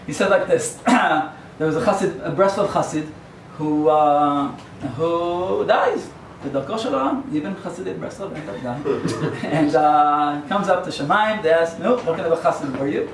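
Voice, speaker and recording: Rambling, joking rabbi in a hall. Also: male voice, fairly high pitch, unhurried. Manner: digressive, joking storyteller. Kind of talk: sermon. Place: yeshiva lecture hall. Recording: echoey hall, far from the mic, faint hum.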